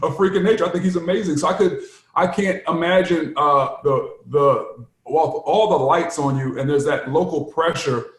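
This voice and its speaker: Casual male podcast co-host, fairly high voice, expressive storyteller in a roomy, echoing space. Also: normal speed. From United States. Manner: animated storyteller, laughs often. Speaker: podcast co-host, former player. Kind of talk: casual chat.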